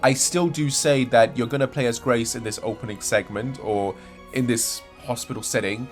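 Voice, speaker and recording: A man's voice: mid-range voice, steady tone, moderate pace, faint music behind. A young man hosting a gaming channel, talking through game news in a rambling, sarcastic way and correcting himself as he goes. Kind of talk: casual video game news commentary.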